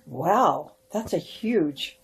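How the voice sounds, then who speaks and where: A woman hosting a podcast interview, asking brief, calm prompting questions. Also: lowish voice, very slow, husky. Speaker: podcast host.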